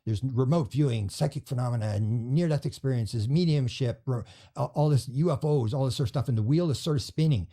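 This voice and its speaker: A man talking at a fast clip, his voice husky and mellow. He tells stories as an interview guest and slips into the voices of the people he quotes. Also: medium pitch. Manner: rapid storytelling, acting out quoted voices. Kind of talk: storytelling in a podcast interview.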